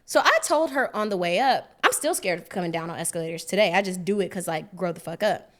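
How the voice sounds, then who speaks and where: A woman's voice: fairly low pitch, fast. A woman co-hosting a podcast, telling a story in casual chat and acting out the voices of the people in it. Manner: animated, acts out voices in the story. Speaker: podcast co-host.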